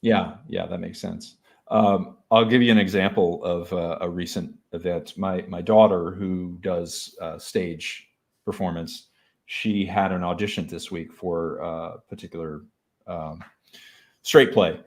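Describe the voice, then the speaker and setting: Low-voiced man hosting a chat. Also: unhurried, gravelly. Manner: relaxed, storytelling, trailing hesitations. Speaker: host. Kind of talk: casual interview chat.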